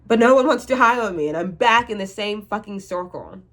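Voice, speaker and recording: A woman's voice: medium pitch, animated, fairly quick, a bit bright. A woman in her twenties talking to camera in a rambling, anxious casual monologue, with frank swearing and many restarts. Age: 20s. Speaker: vlogger.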